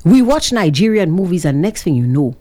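A woman's voice: fairly low pitch, very animated, a little fast, dark tone. A woman from Saint Lucia with a Saint Lucian accent, delivering an opinionated monologue full of sarcastic rhetorical questions to her listeners. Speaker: social commentator.

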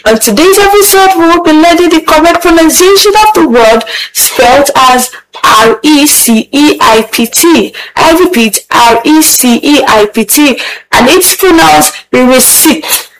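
High-voiced woman teaching on radio. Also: poor audio. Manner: slow, careful repetition of words, instructive. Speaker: radio host teaching English. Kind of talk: radio English pronunciation lesson.

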